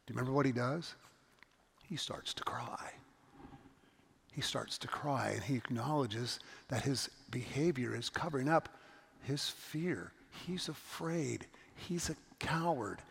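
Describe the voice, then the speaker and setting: Gravelly preacher in a big hall. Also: male voice, mid-range voice, measured pace. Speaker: pastor. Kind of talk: sermon.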